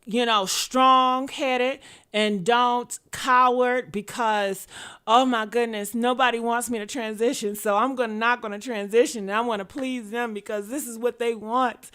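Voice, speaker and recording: Bright-voiced profane animated woman. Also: a little high, moderate pace, clear, resonant tone. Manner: blunt, profane, animated storytelling. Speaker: vlogger. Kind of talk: candid sit-down monologue.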